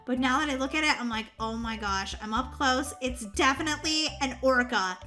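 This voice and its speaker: A woman voicing a bubbly, excitable young girl in a roleplay voiceover, full of squeals and giggly exclamations. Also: high-pitched, brisk, faint music behind. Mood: frantic. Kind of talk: roleplay voiceover for a block-game video.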